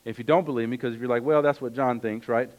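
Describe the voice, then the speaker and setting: A man's voice: mid-range voice, fairly even intonation, fast, lo-fi sound. Conversational man preaching a sermon. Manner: earnest, conversational preaching with asides. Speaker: pastor.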